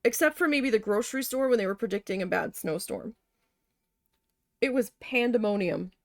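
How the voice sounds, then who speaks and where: A woman's voice: fairly high pitch, normal speed, no room sound, studio quality. A woman chatting casually while she paints, telling a long, candid, profane story with rambling self-corrections. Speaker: art vlogger recalling a retail cashier job.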